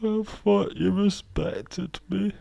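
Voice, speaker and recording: A man playing a betrayed woman wrestler wails in a high, quivering voice. The crying is overdone for laughs and the words stretch out slow. The sound is dry and close. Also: gravelly, mellow, no echo, heavily acted. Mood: mock sobbing. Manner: mock-tearful, wailing and high. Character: sobbing, betrayed grown woman wrestler, melodramatic.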